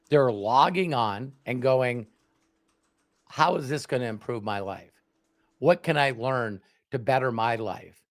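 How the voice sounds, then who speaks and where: A man in his sixties, hosting a livestream, who tells animated stories and acts out quoted voices. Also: medium pitch, a little slow. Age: 60s. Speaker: host. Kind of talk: casual panel talk on a livestream.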